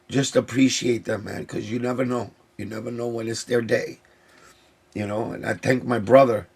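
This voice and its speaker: A man's voice: medium pitch, vocal fry, breathy edge. A man, a sneaker vlogger talking to camera in an emotional, heartfelt way that circles back and repeats itself. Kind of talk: casual talk to camera.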